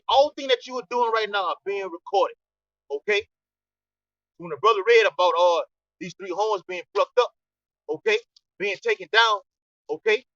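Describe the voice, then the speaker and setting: Preaching to a scripture study group, a man with a high, somewhat bright voice keeps tacking "okay?" onto his lines, often stumbling and restarting. The dry audio sounds distant, dull and lo-fi.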